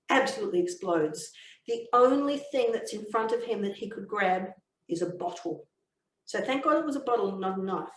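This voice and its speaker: A woman's voice: mid-range voice, slight background noise. Woman teaching a webinar. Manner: storytelling, explanatory, measured. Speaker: communication trainer. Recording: echoey room, mic far off.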